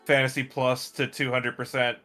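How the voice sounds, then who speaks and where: A man on voice chat with a streamer, relaxed and joking, with a crude word here and there. His pitch sits in the middle range, and faint music runs behind him. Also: moderate pace. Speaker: guest on the stream. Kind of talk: casual voice chat.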